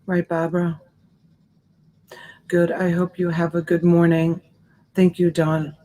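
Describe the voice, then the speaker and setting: A woman's voice: fairly low pitch, completely flat delivery, slow pace, warm tone. A woman hosting a live selling stream, chatting casually and answering viewer comments by name in a sympathetic way. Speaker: live-stream seller and host.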